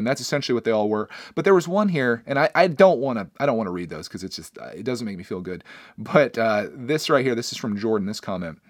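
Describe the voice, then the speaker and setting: A man's voice: on the low side, very animated, quick pace, no echo, studio quality. A man in his thirties hosting a casual solo podcast, talking earnestly and rambling with many restarts. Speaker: podcast host and YouTuber.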